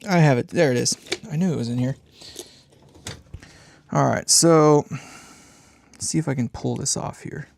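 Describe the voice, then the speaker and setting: A man's voice: mid-range voice, normal speed, gravelly, pauses often, a little mellow, slight background noise. A man hosting a live amp build stream, talking casually and muttering and swearing at small parts as he works.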